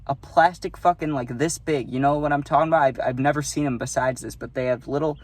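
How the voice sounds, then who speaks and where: A man's voice: mid-range voice, steady tone, fast talker. A young adult man telling a casual storytime, rambling and profane, often tagging on "right?".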